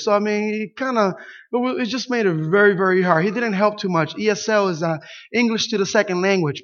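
Pastor, male, Spanish speaker, high voice, animated storyteller, lo-fi recording. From Puerto Rico. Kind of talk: sermon with a personal story. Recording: dull lo-fi sound.

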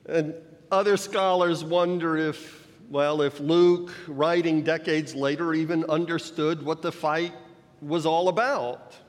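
A man delivers a sermon in a slightly high voice, unhurried and deliberate as he explains the passage point by point. His words ring out with the long reverb of a large church hall. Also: fairly even intonation. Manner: measured, explanatory preaching with rhetorical emphasis. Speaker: preacher.

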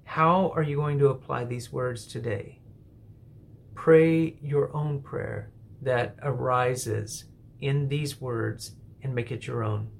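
A man hosting a devotional podcast, teaching through a psalm and leading a prayer in a measured, reverent way. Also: medium pitch, fairly even intonation, vocal fry, a little hiss or hum.

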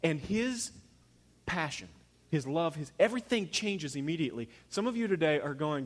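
A male pastor delivering a sermon in a slightly raised voice. His delivery is emphatic and lively, pushing hard on key lines before falling to a hushed, near-whispered register. He sounds like a man in his thirties. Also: a little high, normal speed, big-room sound. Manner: emphatic, swings between loud urging and hushed near-whispers.

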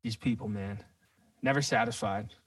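A man's voice: on the low side, moderate pace, slightly rough, no room sound, distant mic. A man co-hosting a podcast, ranting casually with lots of swearing and filler. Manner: profane, rambling, says dude a lot. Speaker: podcast co-host.

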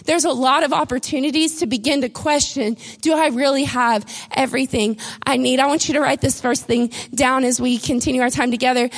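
A middle-aged woman preaching a sermon, telling a lively, animated story. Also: high voice, brisk, hardly any pauses. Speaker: pastor.

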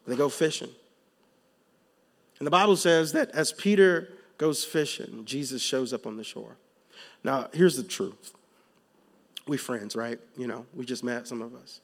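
A man preaching a sermon, moving from calm teaching to loud, emphatic passages, with casual slang in his storytelling. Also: medium pitch, unhurried, long pauses. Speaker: pastor.

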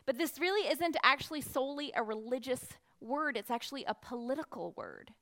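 Woman, high voice, Bible reading and explanation, animated, acts out shouts. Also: a little fast. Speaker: children's Bible teacher.

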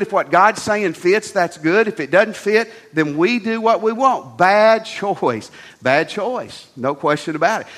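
Lively, high-voiced pastor preaching. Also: male voice. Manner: animated preaching with folksy storytelling and repeated phrases. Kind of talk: sermon.

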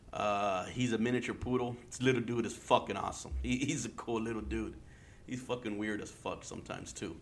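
Rambling, cussing man with a bright, forceful voice. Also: fairly low pitch. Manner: rambling and heavily profane, slipping in Spanish slang; loose, joking and laughing at himself. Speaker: podcast host. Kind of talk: casual solo podcast talk.

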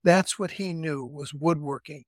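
An older man co-hosting a podcast, chatting casually and telling family stories with quick asides. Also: on the high side, dry recording, studio quality. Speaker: podcast co-host. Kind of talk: casual family-history chat.

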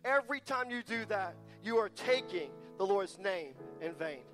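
A man preaching with a very high voice, emphatic and passionate, driving points home by repeating them. Faint music plays softly under his sermon. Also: lively intonation, moderate pace. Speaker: guest preacher.

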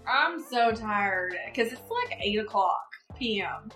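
Lively tired woman podcast co-host. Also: fairly high pitch, takes it slowly, faint music behind. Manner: playful, teasing, laughs often. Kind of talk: casual chat.

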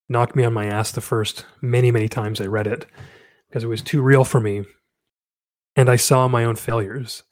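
A man's voice: medium pitch, fairly even intonation, normal speed, no room sound. Earnest man, dry close sound. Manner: earnest, candid, encouraging. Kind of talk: reflective talk and reading aloud.

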